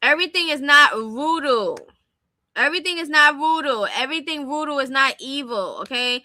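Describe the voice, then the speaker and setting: A woman's voice: high voice, expressive, normal speed, pushed and bright, dry recording. A young adult woman giving blunt, opinionated casual commentary and talking straight to her viewers. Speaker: commentary streamer. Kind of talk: casual commentary on celebrity gossip.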